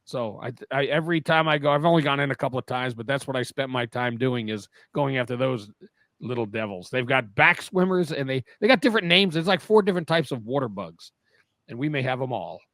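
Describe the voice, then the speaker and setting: A man's voice: mid-range voice, expressive, a little fast, fairly bright tone, no echo. A middle-aged man from New Jersey in a casual radio chat, telling rambling stories and often interrupting himself. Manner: rambling storyteller, self-interrupting.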